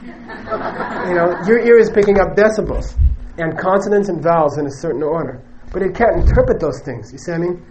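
A man's voice: high voice, brisk, noisy background. A man giving a Buddhist teaching to a live audience, conversational and joking, who often stops to check in with "okay?" and "you know". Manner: joking, emphatic asides.

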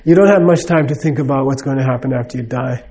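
A man's voice: mid-range voice, fast, warm tone. A middle-aged man giving a casual, rambling talk, full of fillers and "you know what I mean". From United States.

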